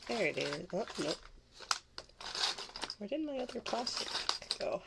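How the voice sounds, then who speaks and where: A woman's voice: medium pitch, sing-song, a little slow, vocal fry, very noisy. Giggly whispering Southern woman. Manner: soft whispering, giggly and chatty. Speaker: streamer. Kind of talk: live ASMR stream chat.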